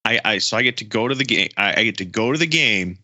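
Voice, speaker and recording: A man co-hosting a sports podcast, talking in excited casual chat with frequent stammered restarts. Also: on the low side, quick pace. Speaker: podcast co-host.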